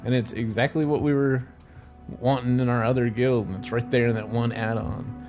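A man's voice: mid-range voice, fairly even intonation, moderate pace, music in the background. A man co-hosting a casual gaming podcast, explaining at length and rambling through asides. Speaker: podcast co-host.

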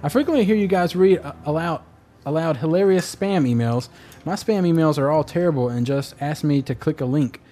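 A man's voice: fairly high pitch, a little fast, few pauses, warm tone, soft background music. Rambling podcast co-host man. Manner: rambling, hesitant, joking. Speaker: podcast co-host reading listener emails. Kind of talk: casual chat.

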